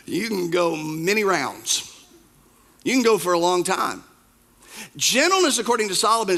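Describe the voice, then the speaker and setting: A pastor preaching a sermon in church, stressing his points by repeating them and swinging from soft asides to loud outbursts. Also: high-pitched. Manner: emphatic, repeats key phrases.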